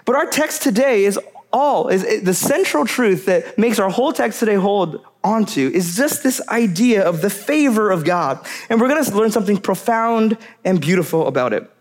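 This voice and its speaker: A man's voice: high voice, lively intonation, normal speed. A man preaching a sermon as pastor, earnest and repeating key phrases for emphasis.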